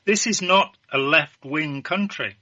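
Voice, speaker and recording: A man holds forth in a political discussion, emphatic and sure of his views. His voice is very bright and cutting. The sound is dry and a little muffled. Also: a little high, measured pace, no room sound. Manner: emphatic and opinionated. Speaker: guest.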